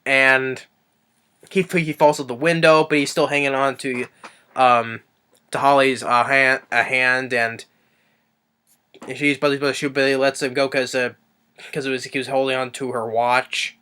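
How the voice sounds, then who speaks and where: A man's voice: level tone, moderate pace, pauses often, bright, forceful tone, clean tone. Man rambling through a movie review. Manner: rambling with many fillers and restarts; briefly acts out quotes in a higher voice.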